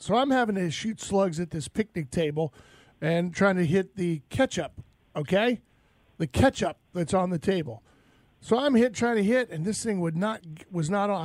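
High-voiced Southern man telling stories. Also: no echo. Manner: rambling animated storyteller, laughs often. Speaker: radio show host. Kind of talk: casual radio chat.

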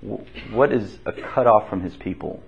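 A man with a lowish, gravelly voice and a breathy edge teaches a Bible class at a moderate pace. He asks the group questions, repeats their answers, and speaks conversationally with restarts, all in a dull lo-fi classroom recording.

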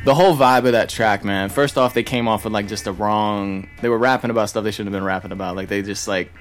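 A man's voice: lowish voice, fairly even intonation, quick pace. A man guest in a casual podcast chat, speaking heatedly and repeating words for emphasis.

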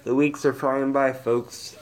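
A man's voice: mid-range voice, little pitch movement, measured pace. Rambling man hosting a solo podcast. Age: adult, old enough to be married. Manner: rambling, swears freely, thinks aloud. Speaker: podcast host. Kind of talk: casual solo podcast chat.

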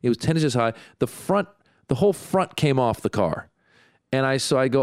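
A man's voice: medium pitch, moderate pace, clear, resonant tone, no echo, studio quality. A man in casual conversation, telling an exasperated story about his neighborhood. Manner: relaxed, exasperated retelling.

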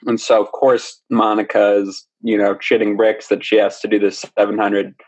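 A man's voice: lowish voice, moderate pace. Young man telling a story animatedly. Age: young adult. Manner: animated, laughing as he tells it. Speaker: podcast guest. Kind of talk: casual storytelling. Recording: slightly dull lo-fi recording.

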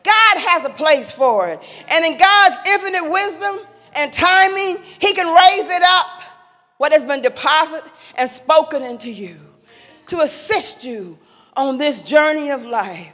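Older lady preaching wisdom to young folks, voice swoops all over, loud bits, echoey hall. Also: high voice, lively intonation, measured pace. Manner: preacherly, rising to loud emphatic calls. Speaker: speaker sharing a mother's wisdom. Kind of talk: impassioned speech to young adults. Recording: long echo of a large hall.

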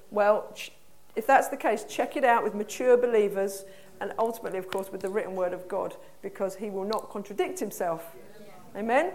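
A woman's voice: mid-range voice, normal speed. A woman preacher with an English accent gives a conversational sermon, putting questions to her congregation in a church hall.

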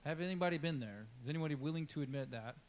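A male pastor gives a relaxed, conversational sermon in a fairly high voice. He talks to his congregation in a chatty way, acts out what people in the story say, and drops in questions and asides. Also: rapid-fire.

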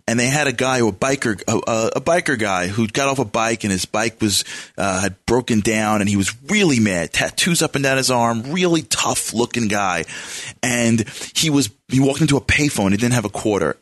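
A man hosting an interview, talking in an animated, searching way as he tells anecdotes to make his point. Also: mid-range voice, dry recording. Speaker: host. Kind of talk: conversational interview.

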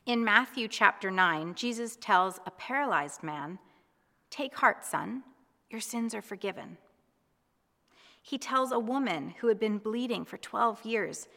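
A woman giving a gentle, reassuring devotional sermon, speaking in a reflective way. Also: medium pitch, long reverb tail. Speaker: preacher.

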